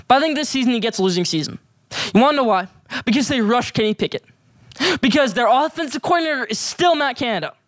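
A man with a notably high voice delivers opinionated sports commentary at a brisk clip. He hammers his picks home with emphatic hot takes. The sound is dry and close, with no room around it. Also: a bit bright, no echo. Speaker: sports show host.

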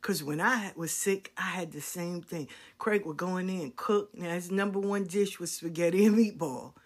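A woman's voice: fairly low pitch, normal speed. Blunt, profane middle-aged woman storyteller. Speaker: talk show host. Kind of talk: casual storytelling chat.

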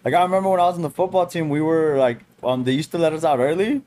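Young podcast guy, kinda high voice, rambling street-slang stories. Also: rapid-fire, darkish tone. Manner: slangy storytelling with lots of fillers. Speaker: podcast co-host. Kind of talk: casual chat.

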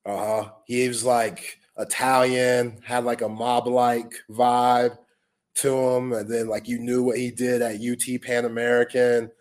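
A man co-hosting a sports podcast, telling a lively story from his college basketball days, laughing often and filling with "like" and "you know.". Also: medium pitch, a little slow. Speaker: co-host, former junior college basketball player.

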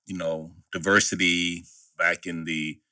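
A man's voice: sits low, flat delivery, a little slow, bright, forceful tone, clear, resonant tone, no echo. A middle-aged man co-hosting a podcast, telling a personal story in an earnest way. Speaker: podcast co-host. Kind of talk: podcast conversation.

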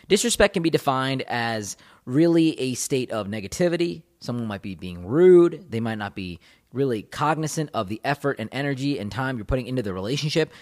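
Male relationship coach, quick emphatic delivery, talks straight to viewers, repeats key points for weight. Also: mid-range voice, lively intonation, a little mellow. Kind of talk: motivational advice talk to camera.

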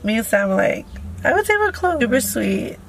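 Animated, cussing young woman guest, gravelly edge, faint hiss. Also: on the high side, a little fast. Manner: animated, profane storyteller. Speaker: podcast guest. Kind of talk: casual chat. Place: inside a parked car. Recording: faint background noise in a car.

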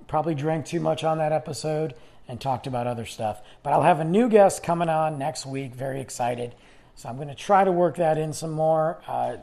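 A man's voice: on the high side, gravelly, mellow. A man hosting his own podcast, talking in a rambling, chatty way and restarting his sentences while losing his voice. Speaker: podcast host. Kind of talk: casual solo podcast monologue.

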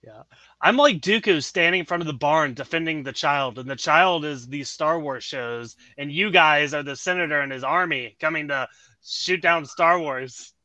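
A man hosting a casual podcast, joking around and laughing between quick asides. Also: fairly high pitch, sharp tone, dry recording. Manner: laughing, quick asides, self-mocking jokes. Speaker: podcast host. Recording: dull lo-fi audio.

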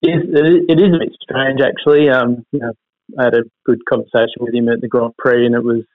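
A man's voice: mid-range voice, level tone, no room sound. A man, a racing team manager giving hesitant, upbeat interview answers full of fillers. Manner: hesitant, many fillers and restarts; upbeat, measured. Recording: dry, phone-like line.

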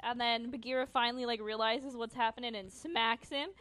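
A woman co-hosting a podcast in casual chat, animated and acting out scenes in little voices. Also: a little high, fairly quick. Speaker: podcast co-host.

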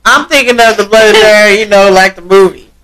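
A woman's voice: medium pitch, a little fast. A woman co-hosting a casual comedic podcast, laughing a lot and exclaiming. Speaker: podcast co-host. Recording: loud background noise.

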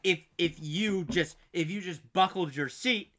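A young man with a high, bright voice spins a story for his co-host in an animated, casual podcast chat. He acts out the other people's lines as he goes. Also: measured pace. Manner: animated storytelling with acted-out quotes and frequent laughs.

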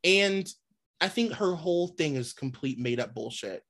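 A woman's voice: deep voice, lively intonation, moderate pace, a bit bright. A young adult woman co-hosting a casual gossip podcast, blunt and emphatic, swearing freely as she vents about reality TV. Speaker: podcast co-host.

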